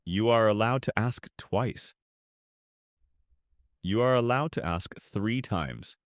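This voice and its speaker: A man teaching beginner English in a slow, clear, scripted way, pausing so listeners can repeat. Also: fairly low pitch, no echo, studio quality. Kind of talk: slow scripted lesson for learners.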